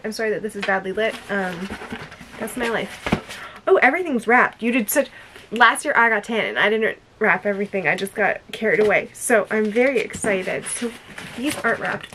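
A woman chatting excitedly in a casual unboxing vlog, gushing over each gift at home. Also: on the high side. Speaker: vlogger opening a gift. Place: dim room at home. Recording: noisy home recording.

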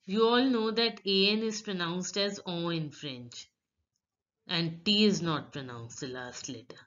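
A woman giving a slow, patient pronunciation lesson, her voice bright and a little low. She spells out letters and explains how each sound is said. The recording sounds dull and lo-fi. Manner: reads French words slowly, then explains each sound carefully. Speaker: French teacher.

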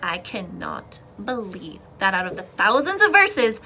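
A young woman giving an earnest, fervent personal testimony, dropping to a hush and then rising to loud pleading. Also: a little high, very animated, normal speed, gravelly. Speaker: Christian content creator. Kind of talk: emotional testimony to camera.

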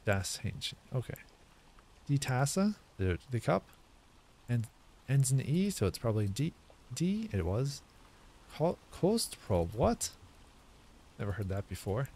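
A man talks through his language practice in a casual, thinking-aloud way, guessing and then correcting himself. His delivery is slow and deliberate, and his pitch moves up and down a lot as he wonders out loud. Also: big pitch swings. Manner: muses aloud, guessing and self-correcting while sounding out foreign words.

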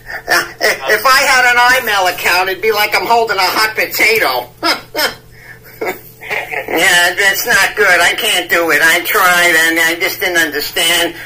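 A man's voice: sits high, a little slow, pushed and bright, exaggerated voice. A man voicing a rambling 73-year-old man on a prank phone call, stammering and cackling while he mixes up idioms. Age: old man persona. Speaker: scam baiter.

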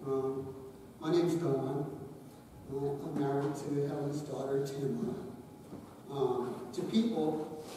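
Man giving a eulogy in an echoing hall. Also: a little high. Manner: gentle storytelling, light humor. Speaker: eulogy speaker, son-in-law. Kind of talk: memorial eulogy. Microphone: distant. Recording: echoey hall, distant mic, faint hiss.

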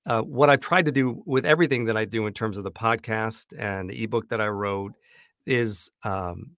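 A man who works as a voice actor, talking easygoing in a casual interview from his home studio on a boom-arm microphone. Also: normal speed, a bit bright, no echo. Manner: easygoing, dry self-deprecating humor. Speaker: voice actor and audiobook narrator guest.

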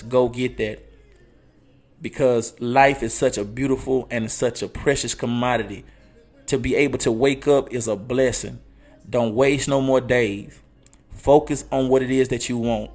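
A man in his thirties, an online coach, giving a fervent motivational talk that swings from low and hushed to loud and high, repeating phrases for emphasis and quoting scripture. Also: vocal fry. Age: 30s. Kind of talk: motivational talk on a live show.

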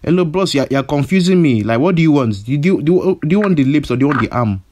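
A man's voice: fairly high pitch, expressive, fast, a little mellow, slight background noise, lightly acted. A prank caller voicing a hot-headed male kidnapper who stammers and repeats himself, his threats escalating. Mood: irritated. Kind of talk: prank phone call.

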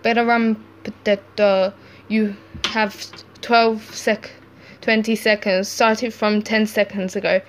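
A woman reading chat stories aloud, acting out each texter with lively shifts in tone. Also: medium pitch, slow, slight background noise. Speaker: channel host reading text stories.

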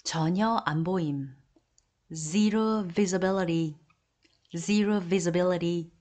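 A woman reading an English vocabulary list, giving each Korean term and then saying the English phrase twice, slowly and deliberately. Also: on the low side, darkish tone.

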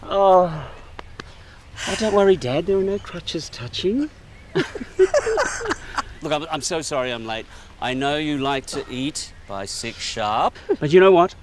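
An actor with an Australian accent playing an eager, chatty grown son who gushes and laughs often, in a TV comedy-drama. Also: male voice, a little high, very animated, takes it slowly, pauses often, background noise. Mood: gushing. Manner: bubbly, gushing, laughs often. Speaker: adult son arriving at a family dinner.

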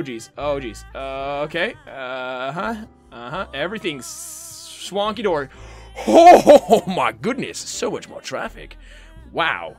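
A man hosting a gaming channel, giving excitable, goofy let's-play commentary full of exclamations and silly noises. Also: a little high, unhurried, faint music behind.

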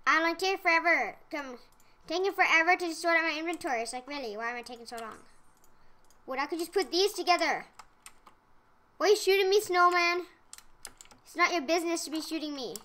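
A gaming channel host giving chatty, excited commentary over gameplay, exclaiming often and repeating phrases. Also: very high voice, fairly quick, long pauses.

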